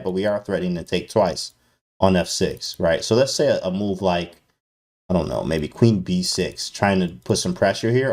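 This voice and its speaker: A man streams live chess commentary in a slightly low voice. He is slangy and hyped, and he keeps calling out to his chat. His calls mix playful trash talk with explanations of moves. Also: a little mellow.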